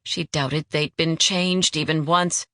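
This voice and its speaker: This audiobook narrator has a deep voice and reads a scripted story in a steady, measured storytelling style. The recording is dry and studio quality.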